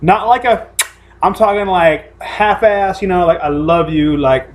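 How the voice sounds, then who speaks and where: A man's voice: sits high, a little slow. A man co-hosting a casual podcast from home, telling stories in a rambling, profane way with many restarts. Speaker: podcast co-host. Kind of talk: casual chat.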